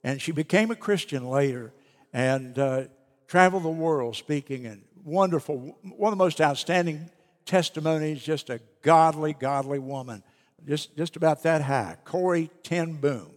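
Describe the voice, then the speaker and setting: A man preaching a sermon as pastor, emphatic, slowing down and dropping soft on key phrases. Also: fairly high pitch. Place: church sanctuary. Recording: long reverb of a church hall.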